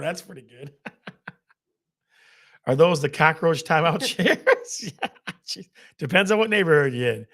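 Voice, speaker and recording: Gravelly man hosting a laughing quiz show. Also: on the high side, lively intonation, measured pace, long pauses, fairly bright tone. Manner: laughs often at his own jokes; game-show countdowns and repeated prompts. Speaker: host.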